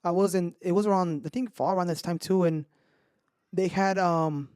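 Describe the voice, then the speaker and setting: A man telling scary stories on a casual podcast, animated, swearing and slipping into slang. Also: sits high, normal speed, smooth, no room sound, studio quality. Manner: animated, swears a lot, mixes in Spanish slang. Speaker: podcast host. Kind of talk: casual storytelling chat.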